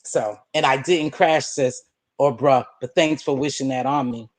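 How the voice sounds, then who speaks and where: A woman hosting a live stream, confronting a viewer in a preachy, sarcastic rant with drawn-out hums. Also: a bass voice, no room sound.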